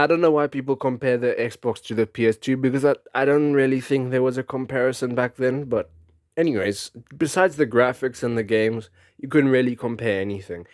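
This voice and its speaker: A young man hosting a podcast, talking in a casual, rambling way, excitable and chuckling often. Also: mid-range voice, no echo, clean studio sound. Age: young adult. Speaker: podcast host.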